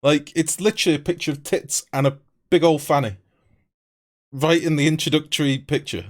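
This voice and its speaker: A man's voice: fairly high pitch, steady tone, brisk. A young man chatting casually on a live stream, blunt and rambling, swearing freely. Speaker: game streamer.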